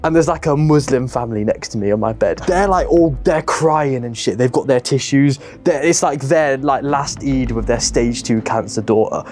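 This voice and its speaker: A young British man co-hosting a casual chat, telling jokey, animated stories with swearing. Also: mid-range voice, normal speed, few pauses. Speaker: YouTuber co-host.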